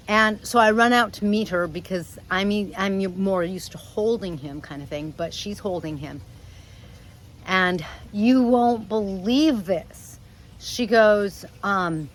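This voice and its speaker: A middle-aged woman vlogging casually about her parrot, chatty and animated, sometimes talking to the bird. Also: fairly low pitch, measured pace, slight background noise, low-quality recording. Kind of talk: casual storytelling vlog. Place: screened patio outdoors.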